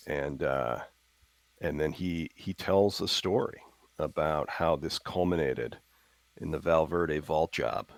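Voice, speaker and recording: A man playing a tabletop game, telling his character's story with lots of laughs and halting fillers. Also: very deep voice, gravelly. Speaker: player.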